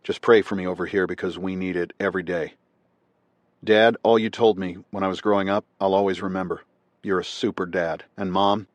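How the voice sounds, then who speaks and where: Loving young Marine's letter home, read by a low-voiced male narrator, soft and earnest, dry audiobook sound. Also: steady tone, a little fast, no echo, natural voice. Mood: tender. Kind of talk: scripted nonfiction narration.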